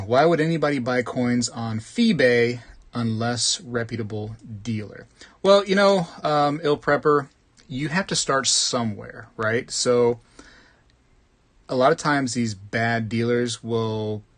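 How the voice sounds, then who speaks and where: A man's voice: medium pitch, animated, slow pace. A man hosting a live morning stream about coins, chatting casually, joking around and reading out viewer comments. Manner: rambling, joking, reads out chat comments. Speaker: host of a live coin collecting stream.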